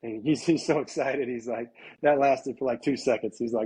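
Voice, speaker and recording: A middle-aged man appears as a podcast guest, recounting a hunting story in a casual, animated way, acting out what people said and leaning heavily on "like." His medium-pitched voice moves at a moderate pace with a breathy edge, and the audio is poor.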